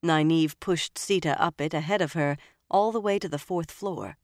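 An audiobook narrator reading a fantasy novel in a steady, measured way. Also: medium pitch, dry recording, clean studio sound. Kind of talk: scripted narration.

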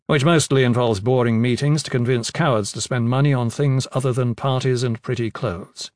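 A calm, commanding grown leader with a dry streak of humor, as a narrator plays him, at an everyday middle pitch. He speaks firmly and without hurry, in a dry, close recording. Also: normal speed, no room sound, close to an everyday voice. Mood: wry. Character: grown male leader, steady, wry and commanding. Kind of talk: audiobook character voice.

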